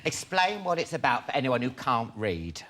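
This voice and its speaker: A man's voice: sing-song, moderate pace. An English man hosting a talk show, teasing his guest with camp, giggly banter. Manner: giggly, teasing, high and sing-song. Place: TV studio with live audience. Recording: loud studio audience and noise.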